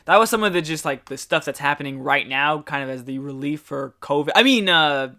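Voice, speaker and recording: Brief: upbeat male podcast co-host, a bit high, bright tone, giggly, stumbles on words. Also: animated, fairly quick. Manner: laughs often, stumbles over words. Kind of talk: casual gaming podcast chat.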